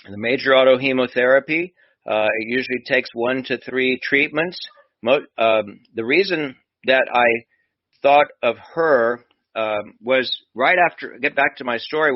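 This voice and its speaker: A man's voice: medium pitch, dry recording, highs cut off. A man, a doctor hosting a radio show, chatting and telling a story while acting out the dialogue. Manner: conversational, acts out dialogue in his stories.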